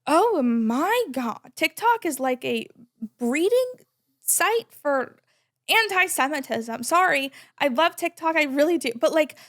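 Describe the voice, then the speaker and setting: A woman in her twenties, a podcast guest talking in a loud, emphatic, chatty way with many "like"s. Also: sits high, expressive, a little slow. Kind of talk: casual conversation.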